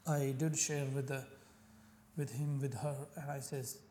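A man from Pakistan, telling his personal faith story as an interview guest in earnest, halting English. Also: medium pitch, steady tone, mellow, in a large hall, a little hiss or hum. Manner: earnest, halting non-native English with restarts. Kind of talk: personal faith testimony in conversation.

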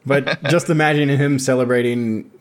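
A man's voice: medium pitch, fairly even intonation, moderate pace. A man co-hosting a comedy podcast, crude and sarcastic, often laughing between lines. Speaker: podcast co-host.

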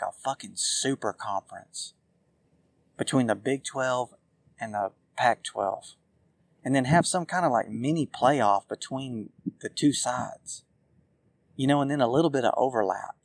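A man's voice: medium pitch, creaky, no room sound. A man ranting through a casual solo podcast, profane, rambling and exasperated. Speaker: podcast host.

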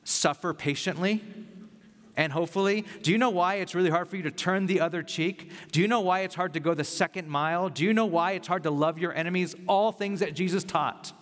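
A male pastor giving a sermon, conversational and animated as he tells a personal story. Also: high-pitched, brisk. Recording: long reverb of a large hall.

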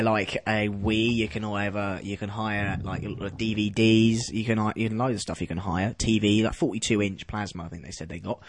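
A man hosts a casual podcast from a studio with a husky, slightly rough voice. He rambles through stories in a jokey, loose way, laughing often. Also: lowish voice. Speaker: podcast host. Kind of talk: casual chat. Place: radio studio.

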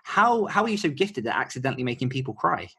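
A man's voice: mid-range voice, very animated, background noise. A man hosting a podcast interview in an upbeat, playful manner. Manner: upbeat, playful, quick to laugh. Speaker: podcast host.

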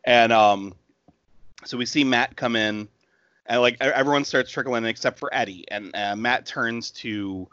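A medium-pitched man speaks at a moderate pace in a clean, fairly bright tone, recorded dry with a lo-fi quality. In his thirties and co-hosting a podcast, he casually walks through a film scene by scene, laughing and acting out the characters' lines.

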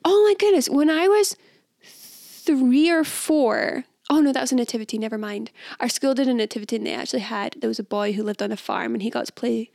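Higher-voiced woman with a gravelly edge. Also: brisk, no echo, studio quality. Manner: lively, exclaims and laughs. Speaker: podcast co-host. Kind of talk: casual chat.

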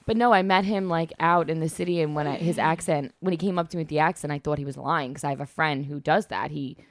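A young woman with a lowish voice, chatting on a podcast and telling a rambling story, leaning on "like" as she goes. The studio mic is close and the sound is dry, with no room in it. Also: fast talker, no echo. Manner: rambling storyteller, full of "like" fillers. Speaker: podcast co-host. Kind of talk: casual podcast chat.

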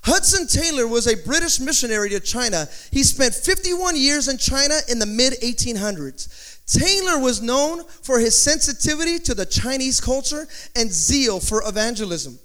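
A pastor preaching a sermon in an animated, conversational way, with joking asides. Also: male voice, extremely high pitch, moderate pace. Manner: slips into playful put-on accents in quotes.

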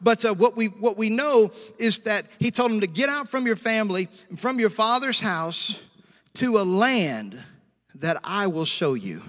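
High-voiced preacher man in a reverberant hall. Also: animated, fairly bright tone. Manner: preachy call-and-response with amens and hallelujahs; slows down to stress scripture quotes. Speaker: pastor. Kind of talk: sermon.

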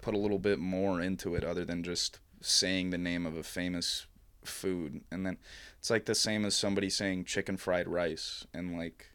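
A man's voice: deep voice, steady tone, moderate pace, clean tone. A young man hosting a casual podcast chat, joking and swearing among friends. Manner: joking, swearing, laughs loudly.

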